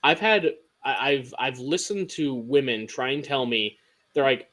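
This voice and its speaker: A man's voice: mid-range voice, lively intonation, a little slow, fairly bright tone. A man co-hosting a podcast in casual chat, telling stories animatedly and acting out quotes. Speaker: podcast co-host.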